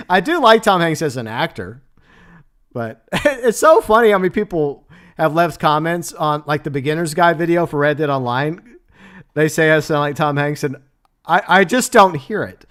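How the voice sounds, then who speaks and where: Male stream host, chatty and easygoing, with a clean, smooth voice pitched a little high; laughs often. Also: expressive, moderate pace, a bit bright. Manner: chatty, laughs often, answers chat messages. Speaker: livestream host. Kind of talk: casual livestream chat.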